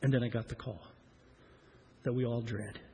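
A pastor from Iowa preaching a personal story in an earnest, repetitive style that grows louder at its points. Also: male voice, medium pitch, fairly even intonation, normal speed, vocal fry, slight background noise. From Iowa, USA.

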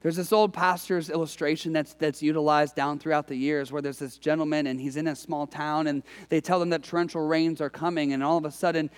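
High-voiced male pastor preaching in a hall. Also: little pitch movement, fairly quick, hardly any pauses. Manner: storytelling, emphatic, conversational preaching. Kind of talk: sermon.

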